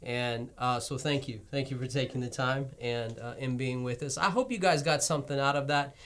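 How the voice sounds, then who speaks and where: A male pastor hosting a relaxed church conversation show. He talks earnestly and encouragingly, now and then laughing at himself. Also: mid-range voice, moderate pace. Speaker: pastor and host.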